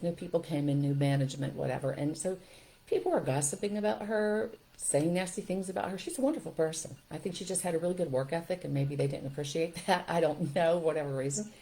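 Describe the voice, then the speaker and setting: Mellow-voiced older woman telling stories. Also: on the low side. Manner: storytelling, emphatic, expressive. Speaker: parenting show host. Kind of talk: casual talk to listeners.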